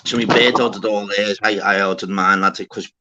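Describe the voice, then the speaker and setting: A man hosting a livestream, telling an animated story in casual chat, swearing often and calling people lad and mate. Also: fairly low pitch, moderate pace. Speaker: livestream host. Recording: dull lo-fi sound.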